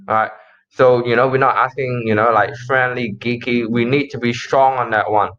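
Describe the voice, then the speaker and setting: Male sales coach, casual and rambling, mid-pitch, muffled lo-fi recording. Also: fairly even intonation, normal speed, fairly bright tone. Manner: casual, repeats phrases, acts out call lines. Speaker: sales trainer. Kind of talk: explaining a cold-call script. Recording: slightly dull lo-fi audio.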